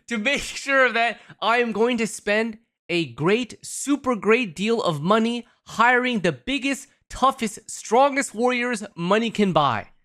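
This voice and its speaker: A man voicing a boastful, blustering older duke in a lowered voice, speaking in short, self-praising phrases. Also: lively intonation, slow pace, pushed and bright, heavily acted. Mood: bragging.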